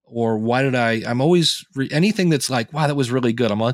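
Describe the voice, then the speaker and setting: An Ohio man on a podcast chats casually, talking a little fast with hardly any pauses in a mid-range voice. He's an animated storyteller, acting out the reactions he quotes. The clean studio sound is dry.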